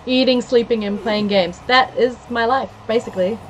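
A woman's voice: on the high side, moderate pace, highs cut off. A woman with a New Zealand accent chatting casually while streaming a game from home, laughing often and reading chat aloud.

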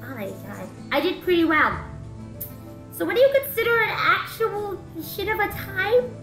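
A young woman hosting a casual gameplay commentary, rambling and excitable, with bursts of shouting and laughter. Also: very high voice, moderate pace. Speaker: VTuber gameplay host. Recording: roomy echo with game music behind.

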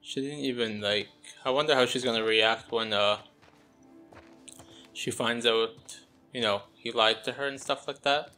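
A man's voice: mid-range voice, unhurried, sharp tone, faint music behind. A young man doing gameplay commentary, groaning and muttering his exasperated reactions. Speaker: gameplay streamer.

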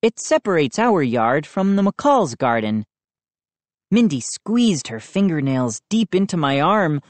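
A woman narrating a children's book aloud in an expressive storytelling manner. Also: deep voice, a little slow, no room sound. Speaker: audiobook narrator. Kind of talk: children's book read-aloud with character voices.

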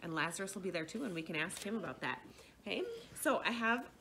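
Gentle woman telling kids a Bible story. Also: on the low side, animated, fast talker, slight background noise. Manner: gentle, checks in often with "right?" and "okay?". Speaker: children's faith formation director.

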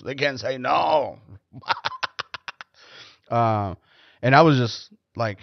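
A man's voice: mid-range voice, very animated, slow pace, vocal fry, pauses often, no echo. A man hosting a podcast, telling stories in a loose, profane, rambling way. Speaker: podcast host. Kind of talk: casual storytelling podcast chat. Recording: dull lo-fi recording.

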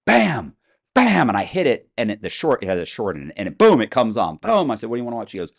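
Middle-aged guy with a lowish voice, chatty storyteller, does the voices, swears a bit. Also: very fast. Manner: animated storyteller, acts out quotes, curses casually. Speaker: interview guest. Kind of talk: casual storytelling.

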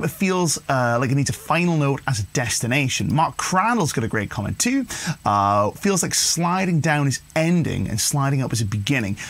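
A man hosting a guitar lesson livestream, chatty and encouraging, reading viewer comments as he plays. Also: mid-range voice. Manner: relaxed, chatty, encouraging, addresses viewers as "you guys". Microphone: livestream mic with guitar playing. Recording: guitar music faintly behind.

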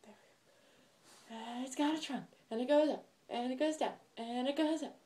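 A woman's voice: high voice, a little fast, background noise. A young woman vlogging in a casual, chatty way, talking straight to her viewers. Her delivery is bubbly and gushing, and she rambles from one thought to the next. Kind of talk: casual chat to camera.

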